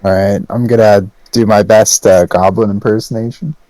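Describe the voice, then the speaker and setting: A man's voice: lowish voice, fairly even intonation, moderate pace, crowd noise, poor audio. A man playing a tabletop game, asking eager questions in casual talk.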